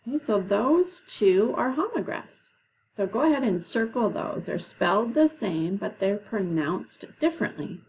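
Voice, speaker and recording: A woman teacher leading a classroom lesson, explaining patiently and slowly, with frequent "okay"s. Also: medium pitch, big pitch swings, a little mellow, slight background noise, rough recording. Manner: slow, patient, drawn-out explanations.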